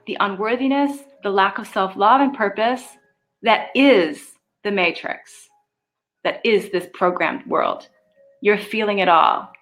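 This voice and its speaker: A middle-aged woman hosting a live spiritual show, coaching viewers through their questions in a loose, animated way, swearing casually and laughing often. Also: medium pitch.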